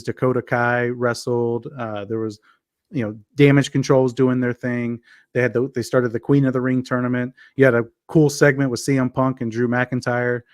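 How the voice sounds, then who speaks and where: A man with a mid-range voice co-hosts a casual podcast. He talks in a halting, loose way and often backs up to restart his sentences. The sound is dry and close, with no room around it. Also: mid-range voice, no room sound. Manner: halting, with frequent restarts and fillers. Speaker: podcast co-host. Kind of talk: casual wrestling review chat.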